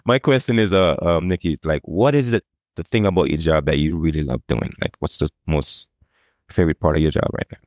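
A man's voice: very deep voice, fairly quick, darkish tone, dry recording, clean studio sound. A man co-hosting an interview, asking questions hesitantly with many fillers. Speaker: co-host. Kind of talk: conversational interview.

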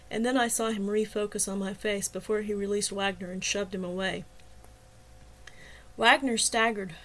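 A woman author reading her own novel aloud in a measured, softly expressive audiobook narration. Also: mid-range voice.

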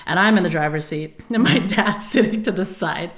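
Casting: woman podcast co-host, lively storyteller, laughs often, squeaky quoted voices. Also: normal speed. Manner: animated, laughing, acts out quotes in high squeals. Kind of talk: casual storytelling chat.

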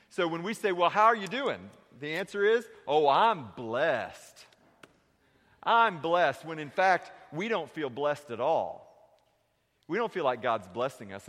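A man preaching a sermon in a church, shifting between lively questions and hushed, heavy confessions. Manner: preaching with dramatic voice shifts, dropping low and quiet for confessions. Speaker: pastor. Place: church sanctuary. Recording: long reverb of a sanctuary.

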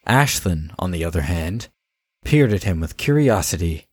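A man narrating a fantasy audiobook in a measured, even storytelling manner. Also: deep voice, slightly rough, no room sound, studio quality.

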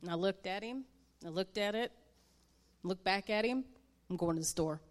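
A woman's voice: medium pitch, normal speed, slight background noise. A woman in her thirties sharing a personal story in church, candid and emotional. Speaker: guest speaker. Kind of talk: personal testimony.

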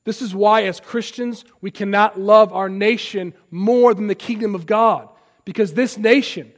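Male pastor, high voice, sermon, builds to loud passionate peaks, then quiet asides. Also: measured pace. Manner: impassioned preaching, swells loud on key lines; drops to soft, conversational asides.

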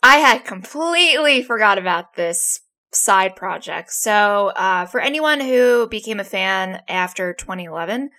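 A woman's voice: mid-range voice, animated, a little slow, few pauses, bright, forceful tone. A woman co-hosting a casual podcast chat, talking in a chatty way and laughing easily. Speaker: podcast co-host.

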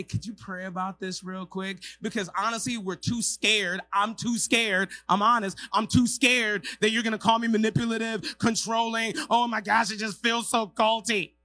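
Pastor preaching with shouted emphasis. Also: male voice, high voice, fairly even intonation, brisk, hardly any pauses. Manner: swings from quiet asides to shouted emphasis. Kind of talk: sermon. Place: church hall with congregation.

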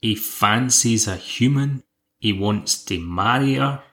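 A man's voice: fairly low pitch, slow, a bit bright. A man hosting a podcast, recapping an episode in a dry, wry, casual way. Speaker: podcast host.

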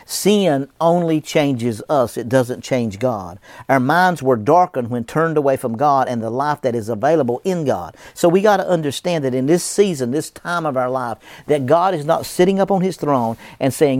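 A man's voice: medium pitch, expressive, moderate pace, hardly any pauses, darkish tone, no room sound. A man preaching a sermon as a pastor, emphatic, with a repetitive preaching cadence.

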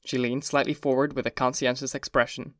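A man giving a measured, even first-person reading of a classic novel. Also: medium pitch, no room sound, clean studio sound. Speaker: audiobook narrator. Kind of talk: scripted first-person narration.

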